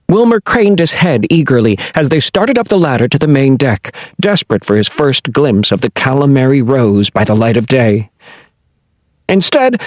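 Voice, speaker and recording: A man reading a children's fantasy audiobook in an expressive storytelling manner. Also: medium pitch, no echo. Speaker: audiobook narrator. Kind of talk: scripted narration.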